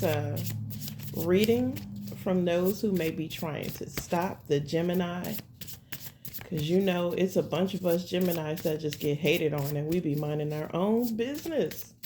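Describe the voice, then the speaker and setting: A woman's voice: fairly low pitch, warm tone, a little hiss or hum. A woman giving a casual tarot reading at home, talking straight to her viewers in a rambling, slangy, laid-back way. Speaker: tarot reader.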